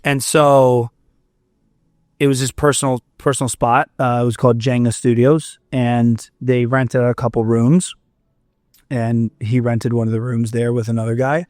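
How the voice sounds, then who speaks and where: Young man from Florida, casual story, animated, cursing, dry close sound. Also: medium pitch, moderate pace, no room sound. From Fort Myers, Florida. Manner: animated, swears, acts out quotes. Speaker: musician guest.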